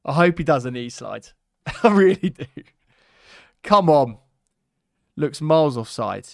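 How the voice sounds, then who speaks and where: A man hosting a live football watchalong, excitable and chatty, talking to his viewers. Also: on the high side, measured pace, gravelly, dry recording, clean studio sound. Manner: excitable, chatty, laughing, talks to the chat. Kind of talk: live match watchalong chat.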